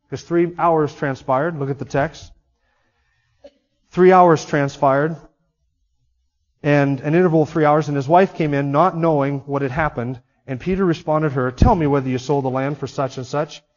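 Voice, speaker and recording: A male pastor delivers a sermon with emphatic swells and sudden quiet drops. His voice sits a little high for a man. The sound is muffled and carries a long reverb from a large church sanctuary. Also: steady tone, fairly quick, few pauses. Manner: emphatic, rising and dropping sharply in volume.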